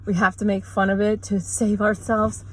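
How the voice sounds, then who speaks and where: A woman vlogger ranting sarcastically in a rambling, mocking way, with quick asides. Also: mid-range voice, little pitch movement, a little hiss or hum, rough recording. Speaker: mother. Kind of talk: sarcastic comedic rant.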